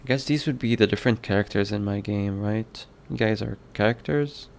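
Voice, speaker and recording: A man's voice: lowish voice, fairly quick, vocal fry, slight background noise. A man streaming his game development work, chatting casually with viewers, musing aloud and reading their comments. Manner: musing, reads chat aloud, toys with mock accents. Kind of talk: casual livestream chat, thinking aloud.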